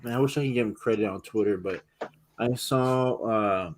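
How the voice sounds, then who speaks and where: A man's voice: lowish voice, moderate pace, a little hiss or hum. A man co-hosting a wrestling podcast, talking in casual, rambling chat with lots of fillers. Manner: excitable, rambling with many fillers. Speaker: podcast co-host.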